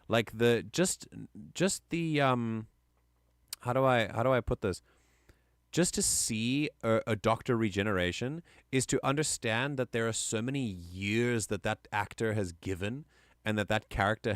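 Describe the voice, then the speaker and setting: A man's voice: fairly low pitch, dry recording, clean studio sound. A man streaming live, chatting casually and enthusiastically, often rambling and correcting himself mid-sentence.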